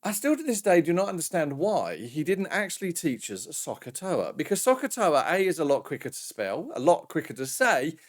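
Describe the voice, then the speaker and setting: A man's voice: fairly high pitch, a little mellow. A British man teaching a recorded maths lesson in a chatty, jokey way with self-mocking asides. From Britain.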